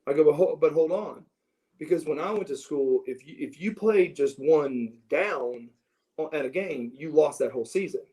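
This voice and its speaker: A middle-aged man telling stories from his youth in a casual interview, animated and prone to restarts as he acts out what others said. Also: fairly high pitch, moderate pace, poor audio. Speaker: interview guest. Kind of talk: casual storytelling.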